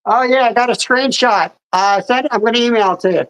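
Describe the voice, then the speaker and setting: A man's voice: very high voice, brisk, a bit bright, poor audio. A man chatting casually on a livestream, easygoing with self-mocking humor.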